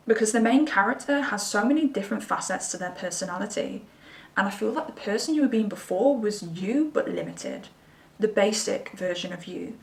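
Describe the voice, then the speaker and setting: A woman's voice: mid-range voice, a little mellow, distant mic. A chatty woman talks through a pick-a-card tarot reading, intuitive and reassuring in her delivery. Her voice sits a little back from the mic and rings in a roomy space. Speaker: tarot reader. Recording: roomy sound from away from the mic.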